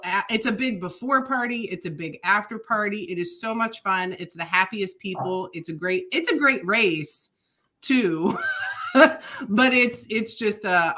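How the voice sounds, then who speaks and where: Bright-voiced woman co-hosting a podcast. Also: mid-range voice. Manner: chatty, laughs often, many fillers. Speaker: podcast co-host. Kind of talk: casual podcast chat.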